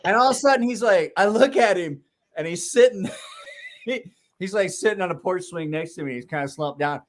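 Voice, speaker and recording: Podcast host, man in his forties with a high voice, tells rowdy stories with lots of swearing. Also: fairly quick. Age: 40s. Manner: profane, animated anecdote telling. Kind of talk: casual storytelling.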